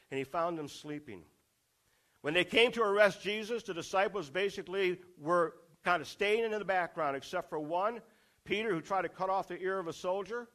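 A man's voice: sits high, a bit bright. A man preaching a sermon, asking the congregation rhetorical questions and driving points home through repetition.

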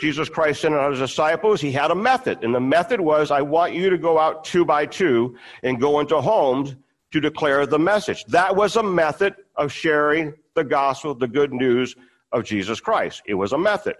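Male pastor, somewhat high-pitched, casual sermon delivery, reads and explains scripture with restarts. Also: normal speed, poor audio.

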